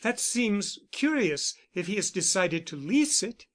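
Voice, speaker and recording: A man's voice: high voice, very animated, measured pace, pitched above the performer's own voice. A man reading the part of a troubled young woman who sounds bitter and worn down, with a pleading way of speaking. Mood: uneasy. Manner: pleading, weary.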